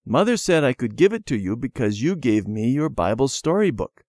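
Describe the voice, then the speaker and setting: A man voicing a generous, careful young boy in a storybook, pitched high and childlike. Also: very animated, moderate pace, a little mellow, dry recording, studio quality.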